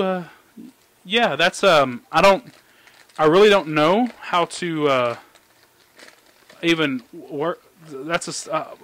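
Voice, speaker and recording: A man giving casual, jokey commentary as he opens trading card packs, excitable and talking to his cards. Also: on the high side, no echo. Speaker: card collecting YouTuber. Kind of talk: casual pack-opening commentary.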